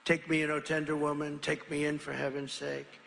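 A man's voice: fairly high pitch, monotone, normal speed, creaky, fairly bright tone. A man voicing a sly, vicious male snake in a recited poem, pleading and then sneering, with a long echo from a large venue. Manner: sighing, then mocking and crude.

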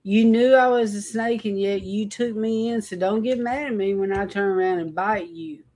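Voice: mid-range voice, normal speed, darkish tone. A commentator reacting to a speech with incredulous, emphatic remarks.

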